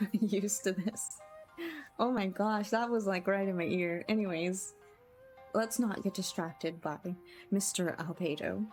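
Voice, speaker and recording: Brief: chatty woman streamer, unhurried delivery, soft game music behind. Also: medium pitch, steady tone. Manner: chatty, giggly, addresses chat. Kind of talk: casual game commentary.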